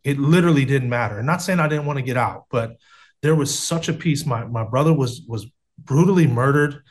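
A man's voice: medium pitch, a little fast. An earnest man in his thirties from the United States tells his story on a video call. He talks casually, with plenty of restarts and slang like "man" and "bro". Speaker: guest sharing testimony. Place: home setup on a video call.

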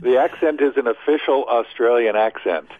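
An older man from Kansas City, telling his life story as an interview guest in a lively, humorous way. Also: mid-range voice, normal speed, no room sound. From Kansas City, United States. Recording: dry tinny phone line.

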